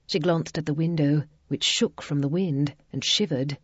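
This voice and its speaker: A woman narrating a historical romance audiobook in a measured storytelling manner, in a dull lo-fi recording. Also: low voice, slightly rough, dry recording. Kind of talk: scripted narration.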